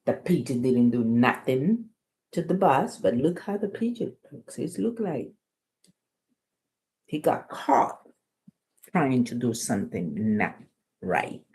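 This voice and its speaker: A woman's voice: extremely low pitch, big pitch swings, slow, pauses often, darkish tone. A woman reading a children's book aloud, chatting and explaining words and lessons to young listeners. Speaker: storytime reader.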